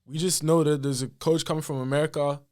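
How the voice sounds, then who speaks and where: A young man, a podcast guest telling a story in a lively, casual way with lots of fillers. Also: on the high side, fast. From Australia. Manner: animated, full of fillers and acted-out quotes. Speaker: podcast guest, basketball player.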